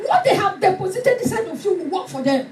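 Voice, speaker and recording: Fervent high-voiced woman preaching. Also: animated, brisk, slight background noise. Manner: fervent, shouting, dramatic retelling. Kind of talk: sermon. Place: church hall. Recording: echoey hall from far off with music.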